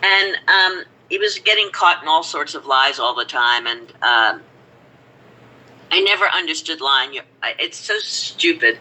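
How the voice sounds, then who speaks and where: An older actress reminiscing casually in an interview, telling rambling, animated stories. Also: female voice, low voice, a little slow, low-quality recording. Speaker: actress guest.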